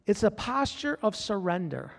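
A man's voice: high voice, big pitch swings, normal speed, vocal fry, long reverb tail. A man preaching a sermon as pastor, fervent, repeating his phrases and calling out to the congregation.

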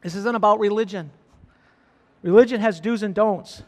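A man with a strikingly high voice delivers a sermon as a pastor. He hammers on repeated phrases and rises into fervent emphasis. His words ring out with a long reverb, as in a large church hall. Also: normal speed. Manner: repetitive, rising to fervent emphasis.

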